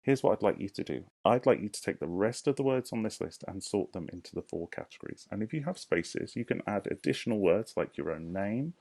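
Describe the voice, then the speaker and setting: The recorded lesson is led by a male primary school teacher whose deep, gravelly voice is expressive and darkish. Slow and encouraging, he clearly sounds out each word and invites the young class to say it with him.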